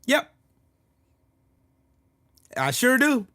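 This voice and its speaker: A man's voice: very high voice, sing-song, extremely slow, sharp tone, no echo, clean studio sound. A man hosting a livestream, delivering a heated, profane political rant and answering chat comments. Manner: profane, heated, repetitive ranting. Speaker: livestream host.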